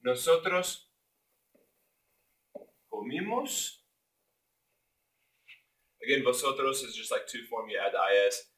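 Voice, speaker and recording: A bright, energetic man explains a lesson in a jokey way, now and then booming out an exclamation. His voice bounces around a reverberant room. The mic sits some distance away, so he sounds slightly far off. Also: slow, pauses often. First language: English. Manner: energetic, jokey, punctuates points with loud exclamations. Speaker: Spanish teacher.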